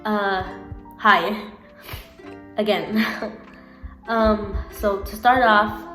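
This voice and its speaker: A woman's voice: mid-range voice, level tone, slow pace, pauses often, a bit bright. A young-sounding woman talks to her camera in a loose, rambling way, laughing at herself and restarting her sentences. Her mid-range voice sits in a roomy, echoing space, with faint guitar music underneath. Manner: rambling, giggly, self-correcting, many fillers. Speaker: vlogger. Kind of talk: casual chat to camera.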